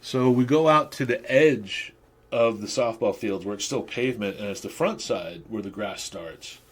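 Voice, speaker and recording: Man in his fifties, husky voice, rambling, crude anecdotes, podcast monologue. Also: fairly low pitch, normal speed. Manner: rambling, crude, laughing at own stories. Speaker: podcast host. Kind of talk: casual storytelling monologue.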